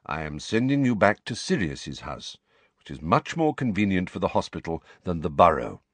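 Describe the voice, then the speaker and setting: A man reading an audiobook and voicing an elderly headmaster wizard who speaks in a measured, quiet, authoritative way. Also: low voice, big pitch swings, slightly rough, no echo, full character voice. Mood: grave. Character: calm, grave elderly male headmaster wizard.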